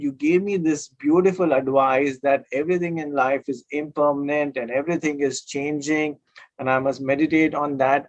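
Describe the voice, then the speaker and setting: A man's voice: fairly high pitch, no room sound, close to an everyday voice. Man voicing a grieving village father. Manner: earnest, beseeching. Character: grieving, pleading male villager.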